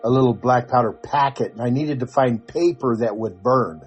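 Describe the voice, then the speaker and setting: A man's voice: medium pitch, moderate pace, slightly rough, soft background music. An older man, a podcast co-host, telling a story in casual chat, chuckling and acting out the quoted voices.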